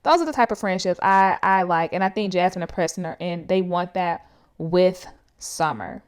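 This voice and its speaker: A woman giving a casual recap of a reality show episode, talking straight to viewers in a chatty, animated way full of fillers. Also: on the low side, normal speed, clean tone. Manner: speaks straight to viewers as "y'all".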